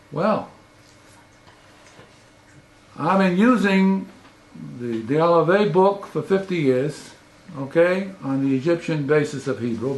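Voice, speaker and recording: An older man, a professor giving a lecture, emphatic and full of rhetorical questions. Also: a little high. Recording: roomy echo.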